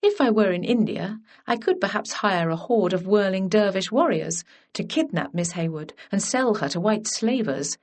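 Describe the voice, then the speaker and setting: A woman's voice: medium pitch, lively intonation, moderate pace, few pauses, a little mellow, lightly acted. A woman voicing a reserved, anxious young lady who speaks in a hesitant, restrained way, in a storybook reading. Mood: uneasy.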